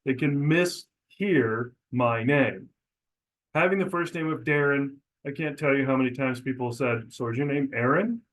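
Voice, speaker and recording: A man's voice: normal speed, a bit bright, poor audio. A middle-aged man, a real estate broker, teaching agents how to introduce themselves at the door, acting out sample lines as he goes. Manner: coaching, demonstrates scripts aloud with pitch changes. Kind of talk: instructional talk.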